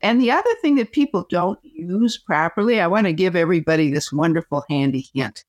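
A woman, a communication coach, giving advice as a podcast guest in an expressive, demonstrative way. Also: on the low side, fairly quick, no room sound, studio quality. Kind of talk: podcast interview.

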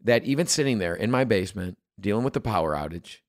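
A man's voice: on the low side, expressive, fast talker. A man in his forties co-hosting a podcast, chatting casually in a blunt, opinionated, rambling way. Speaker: podcast co-host. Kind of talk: casual chat.

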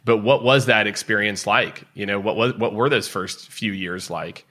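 Bright-voiced man asking rambling questions. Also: lowish voice, moderate pace. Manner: loose, rambling questions with many restarts. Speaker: podcast host. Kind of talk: interview questions.

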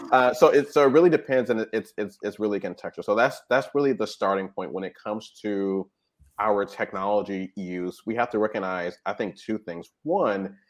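A man's voice: lowish voice, moderate pace. A man talking as a guest expert in a conversational interview, explaining patiently and often checking in with "right?" and "you know". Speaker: guest expert on technology habits.

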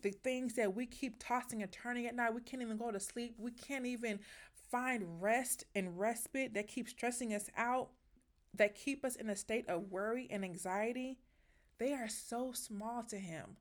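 A woman's voice: fairly high pitch, a little slow. A woman hosting a faith podcast, talking in an emphatic, heartfelt, preacherly way and sounding emotional as she encourages listeners. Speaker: podcast host.

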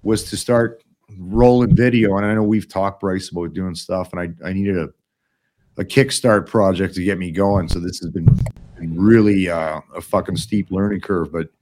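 A man's voice: deep voice, steady tone, moderate pace, a little mellow. A middle-aged man hosting a casual podcast, blunt and rambling, swearing often. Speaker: podcast host.

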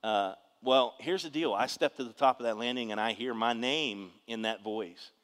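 A man, preaching a testimony in an animated storytelling way with bursts of shouting. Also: medium pitch, normal speed, long reverb tail. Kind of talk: testimony sermon.

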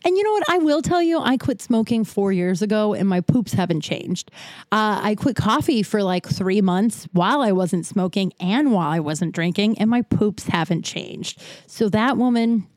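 A woman's voice: medium pitch, lively intonation, normal speed, darkish tone, dry recording, studio quality. A young adult woman hosting a solo podcast, telling candid, self-deprecating stories in a rambling, jokey way while short of breath. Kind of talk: rambling casual monologue.

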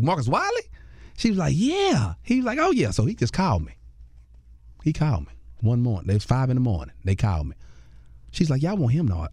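Animated man telling a story. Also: no room sound, clean studio sound. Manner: lively storyteller acting out quoted voices, laughing and jumping high in pitch. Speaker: comedian and radio host. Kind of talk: storytelling in a conversational interview.

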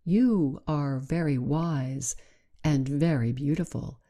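A woman voicing a proud, cunning female wild cat in a slow, deliberate storybook reading. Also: low voice, dark tone. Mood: coaxing.

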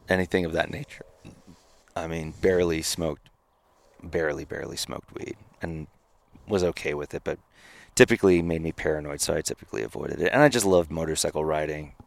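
A man guesting on a podcast, telling a personal story in an animated way, with frequent stammers and restarts. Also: extremely low pitch, creaky, dry recording. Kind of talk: casual storytelling.

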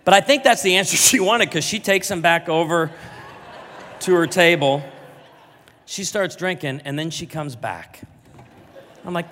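A male pastor telling a jokey, animated story in a sermon, with big swings in volume. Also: fairly high pitch, normal speed, a little hiss or hum. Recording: large hall reverb.

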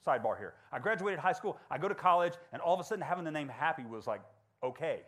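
Lively man telling stories to students. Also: fast. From Georgia. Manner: animated, acts out dialogue in high voices. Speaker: motivational speaker. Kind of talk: storytelling talk to students.

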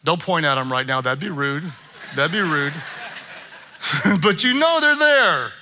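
A man preaching a sermon as pastor, leading call-and-response and rising to shouts. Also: fairly high pitch, lively intonation, measured pace, noisy background. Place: church sanctuary with congregation.

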